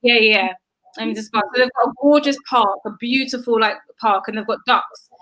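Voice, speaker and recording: A woman's voice: fairly high pitch, brisk, bright, forceful tone, rough recording. A woman co-hosting a podcast, telling family stories in a casual chat and laughing often. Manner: chatty storyteller, laughs often, acts out her child's voice. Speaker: podcast co-host, mother. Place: home in England.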